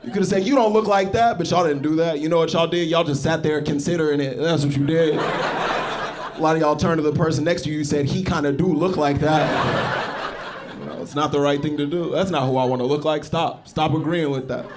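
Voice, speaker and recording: A man's voice: fairly high pitch, fairly even intonation, fast. A man from Texas doing stand-up, talking straight to the crowd in a mock-wounded, conversational way. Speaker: stand-up comedian. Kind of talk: stand-up set. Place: comedy club stage. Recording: noisy live club recording. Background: audience laughter.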